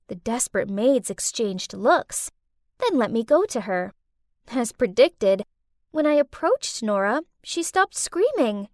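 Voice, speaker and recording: A young woman narrates an animated story in the first person, wide-eyed and lively. Her voice is high and swoops up and down with a lot of expression. The sound is dry and close. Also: no room sound.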